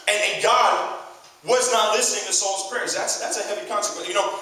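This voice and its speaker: A young man delivers a sermon with a bright, forceful voice, slipping into the voices of the Bible characters he retells. He is picked up from a distance in a very echoey hall, with faint noise behind. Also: sits high, fairly quick. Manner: lively storytelling, acts out Bible characters. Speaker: student preacher. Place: chapel or hall.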